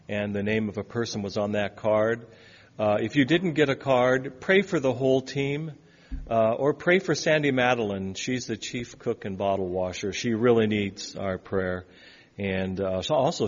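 A man giving a church announcement and a personal anecdote, then leading a slow, solemn spoken prayer, with frequent fillers. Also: medium pitch. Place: church sanctuary. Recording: dull recording in a reverberant hall.

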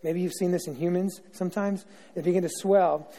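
High-voiced man preaching in a reverberant hall. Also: fairly even intonation, brisk, warm tone. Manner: chatty, self-interrupting, jokey asides. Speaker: pastor. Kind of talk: informal joking sermon. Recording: long reverb of a large hall.

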